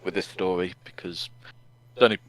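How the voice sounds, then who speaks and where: A man giving a casual, animated recap of a comic on a podcast. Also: low-pitched, brisk, rough recording. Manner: animated, acts out characters in silly voices. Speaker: podcast co-host.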